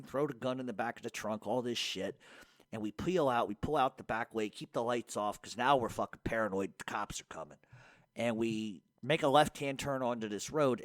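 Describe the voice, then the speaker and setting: A man's voice: mid-range voice, dry recording. A middle-aged man hosting a podcast, telling stories and answering listener questions in casual, profane talk, laughing often. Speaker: podcast host. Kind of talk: casual storytelling and Q&A.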